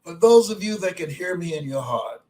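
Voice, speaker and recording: An older man in his seventies delivers a motivational speech in a strikingly high voice. He hammers his points with repeated phrases, dropping low and soft, then climbing to emphatic shouts. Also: animated, normal speed, poor audio. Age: 70s. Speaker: motivational speaker.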